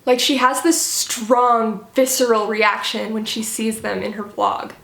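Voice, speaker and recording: A woman's voice: a little high, level tone, measured pace, creaky, heavy background noise. Critical woman commentator in a roomy space. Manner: critical, sarcastic, explanatory. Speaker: commentary vlogger. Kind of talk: scripted video commentary.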